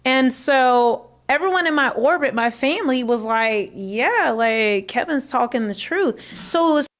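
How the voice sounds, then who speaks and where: A woman's voice: high-pitched, animated, unhurried. Rambling woman on a livestream. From American South. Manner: rambling, many fillers and restarts. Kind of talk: casual livestream chat.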